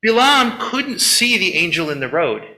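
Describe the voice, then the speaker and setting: Male rabbi giving a sermon, bright and tense tone, roomy echo. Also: sits high, moderate pace. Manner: animated storyteller, acts out quotes, chatty asides. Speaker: rabbi leading a Shabbat service. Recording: echoey room.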